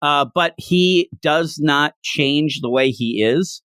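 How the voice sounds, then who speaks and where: A man hosting a manga review podcast, chatting casually in a rambling, animated way. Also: on the high side, slow pace, clear, resonant tone, dry recording, studio quality. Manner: animated, rambling, lots of fillers. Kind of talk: casual chat.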